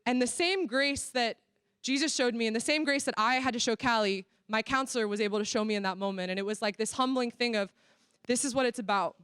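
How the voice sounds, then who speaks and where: An earnest woman speaks candidly at a church workshop, leaning on casual fillers as she goes. Her voice sits a little high and comes through smooth and clear. The sound is dry and close. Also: brisk, fairly bright tone, no echo. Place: church venue.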